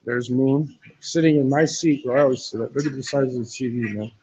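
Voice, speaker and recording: Brisk and warm in a mid-range voice, a man shows viewers around a Thai hostel on a phone-camera live stream. He stays relaxed, curses frequently and keeps calling people "man." The audio loses its highs and carries a little hiss or hum.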